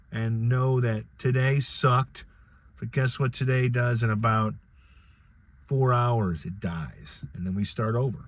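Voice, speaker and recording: A middle-aged man hosting a solo podcast, talking in a rambling, conversational way with frequent restarts. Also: medium pitch. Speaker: podcast host. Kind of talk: casual solo commentary.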